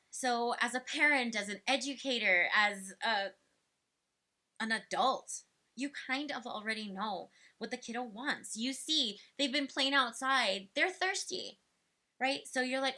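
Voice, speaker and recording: A woman's voice: on the high side, bright, forceful tone. A young woman casually advising parents on toddler speech, chatty with lots of fillers. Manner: chatty, filler-heavy, acts out playful quotes to children. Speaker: speech development educator. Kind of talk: casual advice talk to parents.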